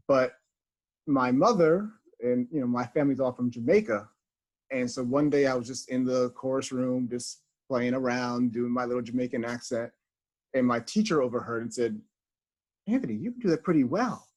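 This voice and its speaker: A man talking earnestly on a video call as a theater house manager, reflecting with many fillers. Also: medium pitch. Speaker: associate house manager, guest.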